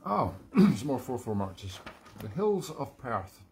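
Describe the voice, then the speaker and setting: A man's voice: medium pitch, very animated, slow, creaky, a little mellow, slight background noise. A Scottish man hosting a live music stream, chatting casually and rambling between tunes in a self-deprecating way. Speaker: musician hosting a livestream show.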